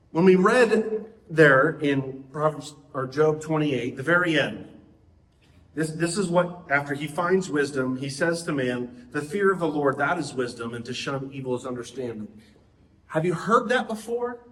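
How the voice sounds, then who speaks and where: Middle-aged male preacher, conversational sermon, a bit high-pitched, roomy echo. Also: expressive, a little slow, a bit bright. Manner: conversational, asks the audience questions.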